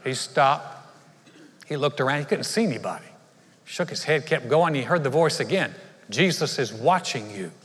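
Pastor preaching in an echoing church. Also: male voice, fairly high pitch, a bit bright. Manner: conversational storytelling with humor and asides. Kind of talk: sermon. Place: large church sanctuary. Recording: live church hall reverb.

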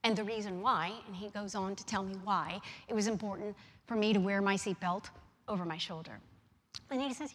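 A woman preaching a sermon, moving from hushed, near-whispered lines to loud, animated storytelling. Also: medium pitch, moderate pace. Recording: long reverb of a large hall.

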